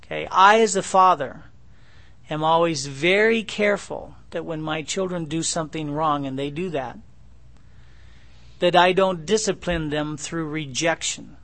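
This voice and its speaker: A middle-aged male pastor works through scripture in a relaxed, folksy teaching style. He talks with his listeners, checking in with quick rhetorical questions. His voice sits a little higher than most men's. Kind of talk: verse-by-verse Bible teaching.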